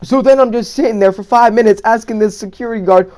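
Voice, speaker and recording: A young man casually telling a story to his viewers in a slangy, animated way, often repeating his phrases. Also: sits high, fast talker, hardly any pauses. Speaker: storytime vlogger.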